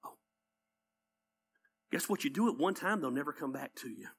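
A man's voice: fairly high pitch, lively intonation, normal speed, vocal fry, breathy edge. A man with a Southern accent preaching a conversational sermon as pastor. He tells stories with energy and repeats his points for emphasis.

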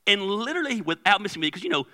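Man, pastor, high voice, very bright, chatty storytelling sermon. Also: big pitch swings, very fast. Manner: conversational storytelling with laughs and quoted dialogue.

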